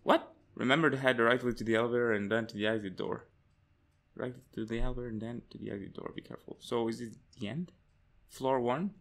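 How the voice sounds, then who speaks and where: Fast-talking and gravelly, with a mid-range voice, a young gaming channel host plays through a horror game and reads notes aloud. Easily spooked, he gets excitable and lets out yelps and curses when startled.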